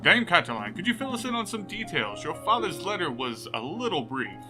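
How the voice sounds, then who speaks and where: An earnest falcon lawyer from a game, polite and measured, his voice lower than the others with some lively lift. A man reads him. Game music plays behind.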